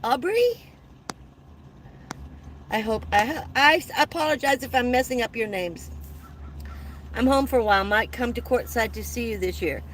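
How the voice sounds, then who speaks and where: A woman's voice: a little high, expressive, moderate pace, long pauses, slight background noise, poor audio. A woman in her seventies hosting a casual livestream from her van, chatting and thanking viewers as she reads their comments. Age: 70s. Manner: chatty, warm thanks to viewers, frequent laughs. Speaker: livestream host. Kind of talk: casual live chat reading comments.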